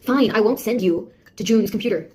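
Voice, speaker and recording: A woman's voice: medium pitch, a little fast, mellow, husky, close to an everyday voice. An actress playing a sarcastic young woman, a beta tester who mocks and scolds a nosy AI in a one-sided audio drama. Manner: mocking, taunting, exasperated.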